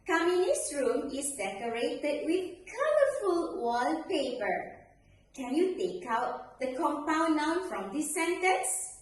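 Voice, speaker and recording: A woman teaching an English grammar lesson to pupils, speaking slowly and clearly in a sing-song way. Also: sits high. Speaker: primary school English teacher. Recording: echoey room, distant mic, faint noise.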